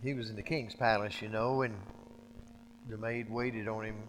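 A man's voice: on the low side, level tone, normal speed, a bit bright, big-room sound, a little hiss or hum, low-quality recording. A male preacher giving a sermon in a folksy storytelling manner, acting out the people in the story.

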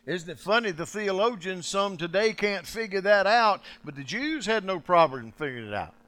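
Man preaching, sermon, dramatic swings loud to hushed, acts out quotes, bright voice, slightly high. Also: expressive, moderate pace.

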